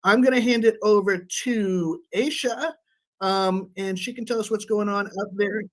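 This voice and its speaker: A co-host chatting in a loose, conversational way, with frequent fillers. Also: female voice, mid-range voice, measured pace. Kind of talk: casual chat.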